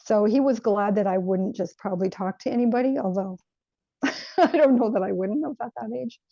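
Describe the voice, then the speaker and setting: A woman recounting a spiritual experience from her childhood in an earnest, reflective way, often pausing to search for words. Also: medium pitch, vocal fry, warm tone, no echo, lo-fi sound. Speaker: guest sharing a spiritual experience. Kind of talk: personal storytelling.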